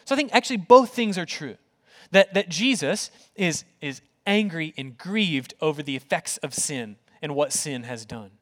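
A man's voice: on the high side, expressive, moderate pace, a bit bright. Earnest man preaching a sermon. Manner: earnest, repeats words for emphasis. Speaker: pastor.

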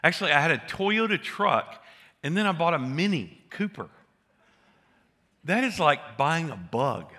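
A man's voice: on the high side, big pitch swings, measured pace, sharp tone. An older man preaching a sermon, telling folksy stories and joking with the congregation. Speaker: pastor.

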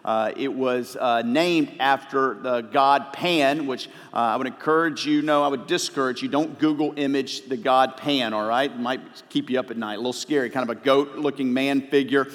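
A man's voice: medium pitch, normal speed, hardly any pauses, a bit bright. A male pastor preaching a sermon, chatty with filler words, then rising to emphatic points. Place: church sanctuary. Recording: long reverb of a large hall.

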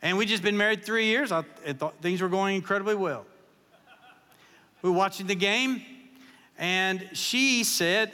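Guy in his 50s preaching, high bright voice, folksy jokes, big echoey church. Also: normal speed, long pauses, clean tone. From Kentucky. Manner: folksy, joking, animated storytelling. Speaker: guest preacher. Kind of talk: humorous sermon storytelling. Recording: long echo of a large hall.

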